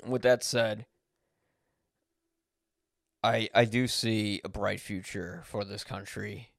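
Blunt, gravelly-voiced man ranting. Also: on the low side, steady tone, takes it slowly, no echo, clean studio sound. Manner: blunt, swears when angry, corrects himself. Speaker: podcast host. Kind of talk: unscripted personal monologue.

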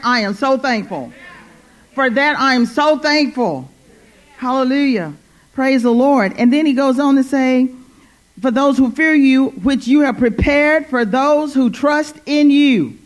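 A woman preaching a church sermon, repeating her phrases and calling "Amen?" to the congregation. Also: high-pitched. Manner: fervent, repeats phrases, call-and-response "Amen?". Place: church service.

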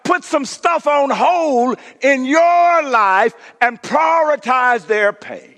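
A male pastor preaches with a high, bright, ringing voice, taking his time and leaning on each phrase. He calls the congregation to answer back and sinks to a near whisper for emphasis. His words echo with a long reverb through a large hall. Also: takes it slowly. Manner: call-and-response preaching, drops to a hush for emphasis. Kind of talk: sermon.

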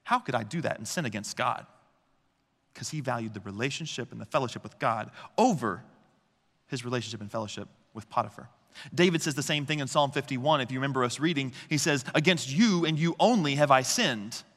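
A man preaching a conversational sermon, telling stories in an animated way and often checking in with the congregation. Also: mid-range voice, fairly quick. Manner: animated storytelling with frequent "okay?" and "right?" check-ins. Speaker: pastor. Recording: long reverb of a large hall.

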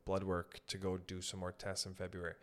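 Man, podcast host, lowish voice, loose, swears, trails off. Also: monotone, a little fast. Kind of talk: casual podcast conversation.

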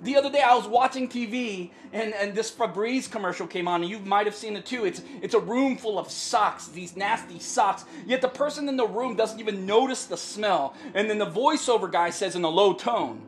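A woman's voice: on the high side, expressive, moderate pace, faint music behind. A woman pastor preaching a sermon in an earnest way, repeating phrases for emphasis and often checking in with the congregation.

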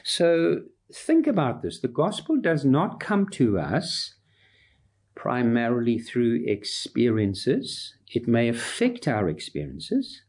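A man's voice: mid-range voice, wildly swooping pitch, slow, a little mellow, breathy edge. A man preaching a sermon, emphatic, building his points through repeated lists.

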